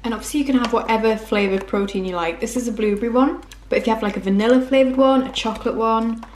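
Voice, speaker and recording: A woman's voice: fairly high pitch, fast talker, echoey room, slight background noise. A young woman walking through recipes in her home kitchen, chatty and self-mocking. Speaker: cooking vlogger. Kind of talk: casual recipe walkthrough.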